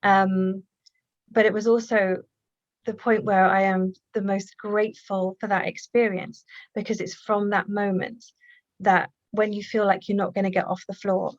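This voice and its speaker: A woman guest telling a personal story in conversation, earnest and reflective, often halting and restarting. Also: mid-range voice, flat delivery, no echo, lo-fi sound. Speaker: guest, healer and author.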